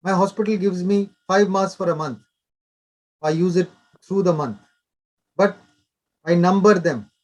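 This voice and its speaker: Older male doctor, high voice. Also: unhurried, pauses often, darkish tone. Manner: instructive, short repeated directives. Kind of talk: explanatory interview talk.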